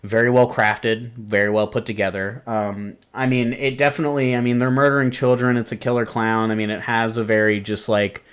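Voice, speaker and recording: A man's voice: medium pitch, flat delivery, fairly quick, hardly any pauses, smooth. A man hosting a podcast, rambling through a casual movie review with lots of fillers, laughs and swearing. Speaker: podcast host.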